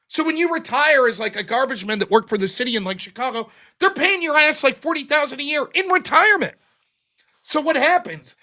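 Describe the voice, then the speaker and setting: Forties male show host, high and bright, blunt and profane, acts out quotes. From United States. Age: 40s. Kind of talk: casual political monologue.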